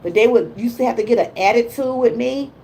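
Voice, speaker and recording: An older woman talks warmly and loosely on a motivational livestream. Her voice sits a bit high, and she chats in a folksy way, answering her viewers' comments as she goes. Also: brisk, vocal fry, a little hiss or hum, low-quality recording. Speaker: lifestyle vlogger hosting a livestream. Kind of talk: casual motivational livestream chat.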